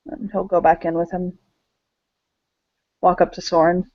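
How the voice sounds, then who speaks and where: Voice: mid-range voice, little pitch movement, measured pace, no room sound. A game master narrating a tabletop role-play, hesitant with many fillers. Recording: dull, dry lo-fi audio.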